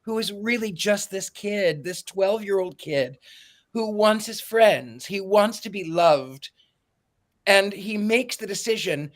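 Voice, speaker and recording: A man's voice: high-pitched, slow pace. A man hosting a podcast, casually recapping a story's plot in a rambling way, stumbling and repeating words as he goes. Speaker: podcast host.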